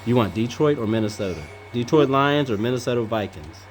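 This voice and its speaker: Woman podcast host, deep for a woman, brisk and matter-of-fact, tallies everyone's picks in a casual family chat. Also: lively intonation, darkish tone, slight background noise. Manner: brisk, calls on each person and repeats their picks.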